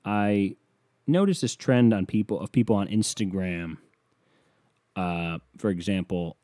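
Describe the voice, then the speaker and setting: Male comic, deep mellow voice, foul-mouthed sarcastic rambling delivery. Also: unhurried, no room sound, studio quality. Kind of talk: rambling comedic rant.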